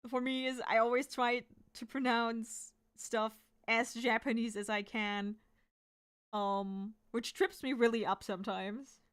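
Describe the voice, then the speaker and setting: Fast-talking German woman, smooth voice. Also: fairly high pitch, fairly even intonation, a bit bright. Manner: fast, sometimes fumbling words. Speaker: artist streamer. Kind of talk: casual chat while drawing.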